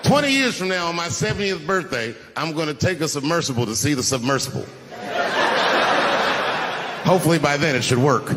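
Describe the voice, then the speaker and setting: A man's voice: fairly high pitch, fairly quick, pauses often. A man in his forties doing a laid-back, self-deprecating stand-up set on a stage before a large audience. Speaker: stand-up comedian. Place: large venue with a crowd. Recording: live hall with crowd noise. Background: audience laughter.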